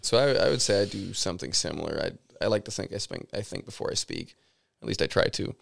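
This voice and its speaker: A man's voice: low voice, lively intonation, fast talker, creaky. A man who co-hosts a podcast and owns a shop, telling rambling anecdotes in casual chat and swearing freely. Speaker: store owner, podcast co-host.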